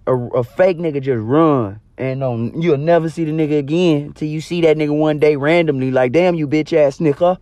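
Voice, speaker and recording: Young guy telling a wild story, lots of cussing and slang, voice a little on the high side. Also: moderate pace, hardly any pauses, no room sound. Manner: profane, animated, slangy. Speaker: storyteller vlogger. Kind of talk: casual spoken storytelling.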